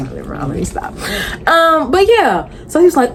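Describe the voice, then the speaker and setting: A young woman vlogs to camera, recapping a reality show in a sassy, rambling, exasperated way, like a casual chatty review. Her voice sits low and swoops wildly in pitch at a moderate pace, with slight background noise.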